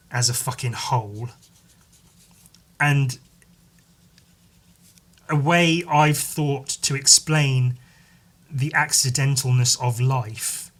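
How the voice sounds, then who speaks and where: A man hosting a solo podcast, rambling in casual chat, swearing freely and filling pauses with "like" and "um". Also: mid-range voice, fairly bright tone. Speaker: podcast host.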